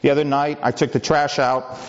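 A man's voice: medium pitch, level tone, fairly quick, lo-fi sound. A pastor preaching a conversational sermon, asking the congregation rhetorical questions and often restarting his sentences. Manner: frequent restarts and filler words.

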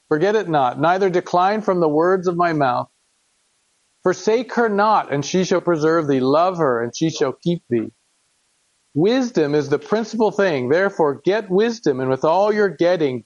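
A man's voice: a little high, lively intonation, unhurried, no echo. Man preaching through scripture, dull dry sound. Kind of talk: Bible teaching.

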